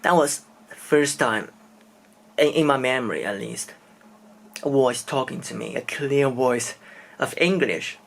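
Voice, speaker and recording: A man's voice: mid-range voice, animated, measured pace, gravelly, pauses often. A man from China, speaking English and telling a personal story in a casual vlog, hesitant and searching for words. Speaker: vlogger.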